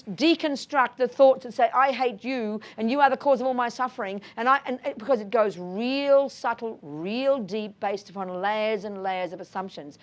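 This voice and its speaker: A woman giving a lively Buddhist talk, blunt and emphatic, calling listeners darling and sweetheart and asking tag questions. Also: medium pitch. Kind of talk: lively lecture with audience questions.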